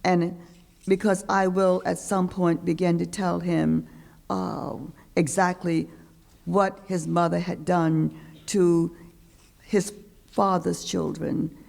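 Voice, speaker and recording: An older woman gives a poetry reading in a lecture hall. Her voice is deeply gravelly and fry-laden. She reads slowly and deliberately, leaning on the rhythm of each line. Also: flat delivery, darkish tone. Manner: slow, deliberate, rhythmic delivery with pauses. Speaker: poet reading her work.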